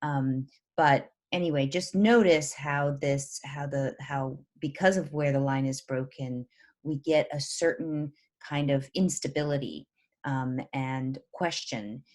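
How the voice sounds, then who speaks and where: A woman's voice: extremely low pitch, measured pace, a little mellow. A woman professor lecturing on a poem, explaining step by step with frequent "um"s and a checking "right?".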